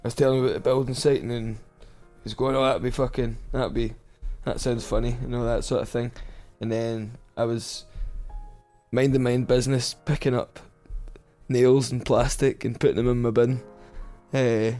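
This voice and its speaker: A man's voice: medium pitch, level tone, moderate pace, dark tone, soft background music. A man with a Scottish accent, a podcast co-host telling a rambling, laugh-filled story in casual chat. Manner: rambling, laughs through his own anecdotes.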